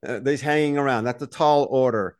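Man, podcast co-host, casual chat, mid pitch, animated storyteller who acts out the quotes. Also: a little fast.

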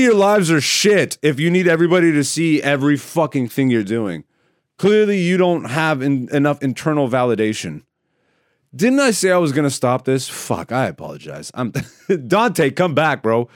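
A man's voice: fairly high pitch, expressive, moderate pace, dry recording, clean studio sound. A man hosting a podcast on his own, ranting in a profane, rambling, mocking way. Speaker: podcast host. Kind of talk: solo comedic rant. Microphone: studio mic.

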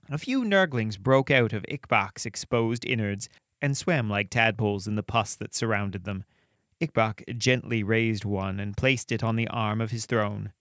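A man hosting a podcast, reading dark fantasy stories aloud with a measured, expressive delivery and chatting casually between them. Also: mid-range voice, no echo, clean studio sound. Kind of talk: storytelling narration and casual commentary.

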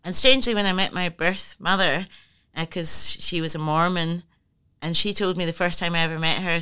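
A middle-aged woman talks through her thoughts in a relaxed interview, candid and quick to laugh, often circling back to rephrase. Her voice sits slightly low for a woman yet sounds bright and forward. Every word comes through smooth and crisp. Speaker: interview guest, writer. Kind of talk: reflective conversational interview.

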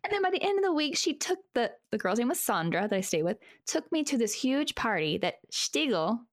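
A woman with a fairly high voice tells a long story in a relaxed podcast conversation. She talks with lots of fillers and animated asides, swinging between energy and easy laughter. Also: brisk. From United States. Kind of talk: casual storytelling chat.

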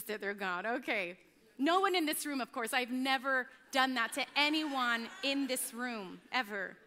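A middle-aged woman pastor preaching a sermon, telling animated, self-mocking stories about her home life. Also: high voice, big-room sound.

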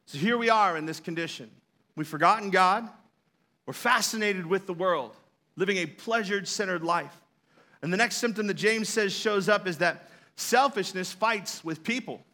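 Brief: male pastor, high bright voice, chatty storytelling sermon with playful asides. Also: moderate pace.

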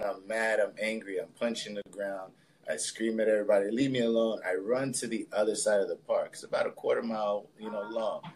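A man guest on a podcast interview, telling a personal story in a relaxed, reflective way with plenty of casual fillers. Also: fairly low pitch, slight background noise. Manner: relaxed, reflective, loose with fillers like "you know" and "like". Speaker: podcast guest, spiritualist and healer.

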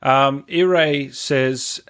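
A man hosting a casual interview over a video call, relaxed, prompting his guest and reading out viewer questions. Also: medium pitch, very slow. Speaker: interviewer host.

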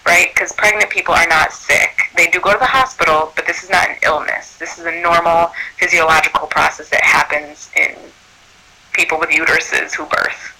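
A man working as a birth doula tells a true story in a lively, animated way. His voice sits high and sounds sharp and tense. A gravelly rasp runs under his words. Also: moderate pace, low-quality recording. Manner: animated, acts out quoted speech. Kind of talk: personal storytelling.

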